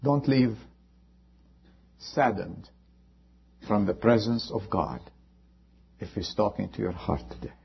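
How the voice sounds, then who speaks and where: A man preaching a sermon as pastor, impassioned, rising high and then dropping to a hush. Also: lively intonation, takes it slowly, creaky, pauses often, husky, dull audio. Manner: impassioned preaching with sudden drops to quiet.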